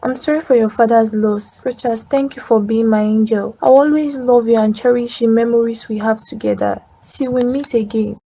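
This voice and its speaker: A woman's voice: on the high side, fairly even intonation, moderate pace, few pauses, warm tone, low-quality recording. An actress voicing a grieving young woman who speaks in a tearful, sincere way.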